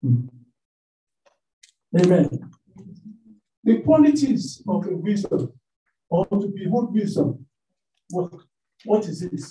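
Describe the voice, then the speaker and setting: A man preaching a sermon in a church hall, telling stories in an animated way with many fillers. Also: high-pitched, slow, long pauses, slight background noise. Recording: echoey room, mic at a distance.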